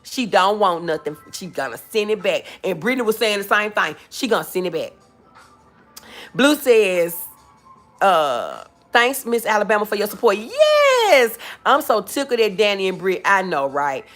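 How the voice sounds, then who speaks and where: A woman's voice: medium pitch, big pitch swings, moderate pace, fairly bright tone, faint music behind. A woman hosting a casual home livestream, chatting with viewers, laughing often and calling them y'all and baby. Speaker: livestream host.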